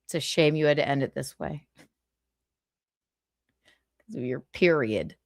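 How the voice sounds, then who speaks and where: A woman's voice: deep voice, unhurried, creaky, dry recording, studio quality. A woman hosting a livestream, arguing heatedly with a guest in a sarcastic, mocking, combative way. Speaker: livestream host.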